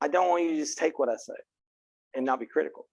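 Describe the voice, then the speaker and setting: A man from Texas teaching a college philosophy class, frank and earnest and quick to crack a joke, recorded on a close mic in a classroom. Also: fairly high pitch, vocal fry, a little mellow, no room sound. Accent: Texan. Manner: earnest, frank, joking, speaks directly to students. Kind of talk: classroom lecture.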